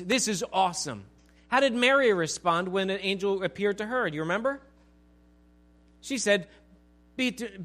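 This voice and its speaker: A man, a pastor, teaching a Bible passage in a relaxed conversational way, asking his listeners questions and acting out the scenes. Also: a little high. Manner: conversational, acts out scenes with asides.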